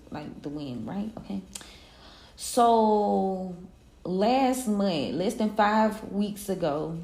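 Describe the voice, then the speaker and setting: A woman with a low, gravelly voice gives a casual tarot reading full of slang and pep-talk encouragement. The sound is echoey, as if from a bare room. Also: a little mellow. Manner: loose, slangy pep-talk delivery with frequent laughs. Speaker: tarot reader.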